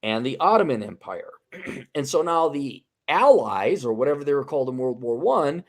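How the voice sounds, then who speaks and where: A man's voice: medium pitch, big pitch swings, moderate pace. A man hosting a casual podcast chat, ranting heatedly with swearing and frequent restarts. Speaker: podcast host.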